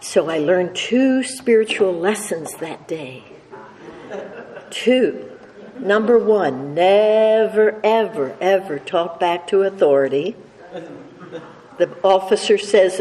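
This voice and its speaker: A woman's voice: mid-range voice, expressive, slow, mellow. An older woman speaking to a recovery meeting, telling a humorous personal story with a slight stutter and many restarts. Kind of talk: personal story told to a live audience. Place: meeting hall with an audience laughing. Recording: reverberant hall with faint noise.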